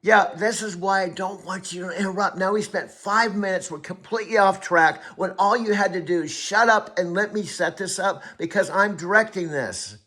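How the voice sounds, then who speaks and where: A man's voice: high voice, moderate pace, few pauses, sharp tone. A man who hosts and coaches an AI, talking in an emphatic, insistent way and repeating his point. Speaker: host and AI coach. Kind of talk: casual heated conversation.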